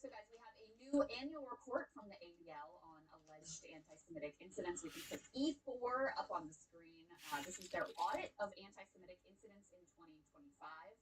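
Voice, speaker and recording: A woman hosting a news show, introducing a segment and a guest in a brisk, professional way. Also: fairly low pitch, expressive, crowd noise, rough recording.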